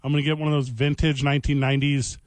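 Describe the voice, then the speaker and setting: A man's voice: mid-range voice, very fast, no room sound. A man hosting a radio show, joking and riffing in a comedic banter style. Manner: animated, jokey, breaks into laughter. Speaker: radio host. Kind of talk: comedic banter, mock sports announcing.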